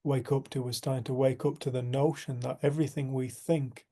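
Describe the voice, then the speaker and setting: A man with a gravelly, rather dark voice speaks to a community group. He tells his story in an earnest, unhurried way. His talk is reflective and spiritual. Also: mid-range voice, flat delivery.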